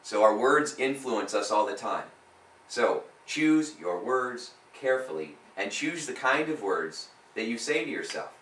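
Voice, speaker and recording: A man's voice: mid-range voice, very animated, unhurried, fairly bright tone. A man working as a hypnotist, coaching a client live and pressing points home by repeating phrases with rising force. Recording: roomy sound from a distant mic.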